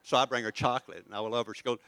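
A man's voice: mid-range voice, fairly even intonation, racing, vocal fry, pushed and bright, no echo. An older man preaching a conversational sermon, rambling and poking fun at himself as he tells stories. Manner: rambling, chatty and self-deprecating. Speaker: pastor.

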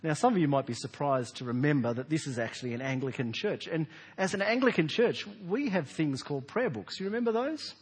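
Animated husky man preaching in a church hall. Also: a little high, fairly quick, hardly any pauses. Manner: animated, conversational preaching with rhetorical questions. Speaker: pastor. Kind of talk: sermon. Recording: long hall reverb.

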